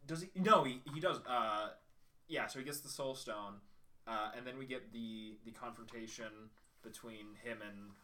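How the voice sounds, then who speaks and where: A man co-hosting a podcast, excitedly retelling movie scenes with lots of swearing and restarts. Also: medium pitch, normal speed. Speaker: podcast co-host. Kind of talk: casual movie reaction chat. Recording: voice a bit far from the mic.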